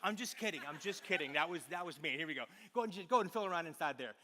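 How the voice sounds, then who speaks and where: A man's voice: a little high, animated, rapid-fire, heavy background noise. A man giving a live stage talk as a magician, joking with a volunteer and then telling stories from his childhood. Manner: playful, teasing with a volunteer, then reflective storytelling. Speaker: magician and speaker. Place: large auditorium with audience. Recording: long hall reverb.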